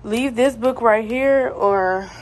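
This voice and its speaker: Young woman, home vlogger, unhurried and chatty, light background hiss. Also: a little high, rough recording. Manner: chatty, rambling, lots of "like" and "y'all". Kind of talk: casual home vlog chat. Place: at home, moving between rooms. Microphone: phone camera, sometimes propped farther away.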